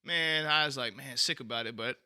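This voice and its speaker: Bright-voiced man telling a lively story. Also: mid-range voice, brisk, clear, resonant tone. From United States. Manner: animated storyteller, bursts into shouting when excited. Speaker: podcast co-host. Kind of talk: casual chat.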